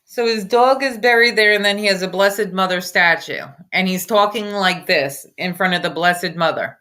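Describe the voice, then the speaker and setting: A woman's voice: medium pitch, moderate pace, pushed and bright. A woman hosting reaction commentary over a clip, mocking and combative in tone. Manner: mocking, sarcastic, combative ranting. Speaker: commentary host.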